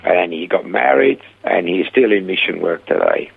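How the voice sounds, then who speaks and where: An older man with a low, gravelly and husky voice tells his stories over a tinny phone line. He brings the people in his stories to life with animated, voiced quotes. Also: moderate pace. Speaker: guest, rehab centre founder. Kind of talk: storytelling interview.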